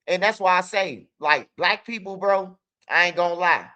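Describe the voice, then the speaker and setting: A man's voice: high voice, lively intonation, a little slow, sharp tone. A young man telling street stories in a loose, casual monologue, tossing in "bro" a lot. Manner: streetwise, loose, peppers talk with "bro" and "you hear me". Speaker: channel host.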